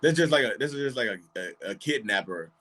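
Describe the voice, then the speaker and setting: A man hosting a casual live-stream chat, animated, laughing often and acting out little quoted voices. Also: mid-range voice, quick pace. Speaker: host.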